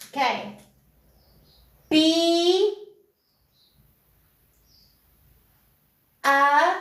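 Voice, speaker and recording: Woman, live-stream spiritual teacher, high voice, drawn-out emphatic delivery, echoey room. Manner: slow, emphatic, repeats phrases for emphasis. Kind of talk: live-stream spiritual talk answering chat.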